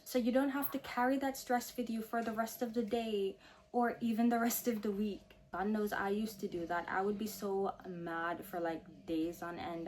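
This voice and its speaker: A woman hosting a self-help video, giving calm, firm advice straight to the viewer and slowing down to stress key phrases. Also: medium pitch, a little hiss or hum. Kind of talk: direct-to-camera advice talk.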